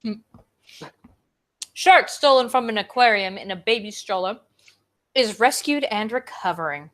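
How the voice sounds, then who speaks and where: A woman co-host reading a news story aloud to a casual online show, animated, her pitch swinging up and down. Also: normal speed.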